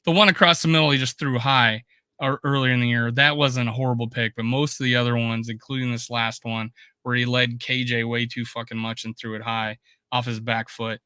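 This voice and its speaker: A man co-hosting a podcast in casual sports chat, animated and swearing often. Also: medium pitch, a little fast, clean tone, dry recording, clean studio sound. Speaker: podcast co-host.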